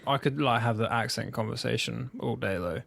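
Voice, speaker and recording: Creaky-voiced young man with a southern English accent. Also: medium pitch, a little fast, fairly bright tone, no echo. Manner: rambling, swears casually, self-mocking. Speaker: podcast co-host. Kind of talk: relaxed casual chat.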